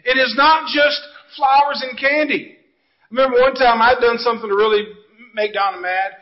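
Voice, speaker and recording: A man with a high voice preaches a sermon in an earnest, conversational way, full of asides to his congregation. The recording sounds dull and lo-fi. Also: steady tone, moderate pace. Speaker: pastor.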